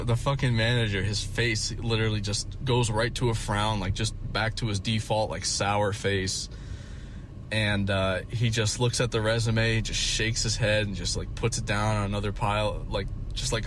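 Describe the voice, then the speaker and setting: A man's voice: on the low side, noisy background. A man telling a story in a casual vlog, rambling and swearing often, with many fillers. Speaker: vlogger.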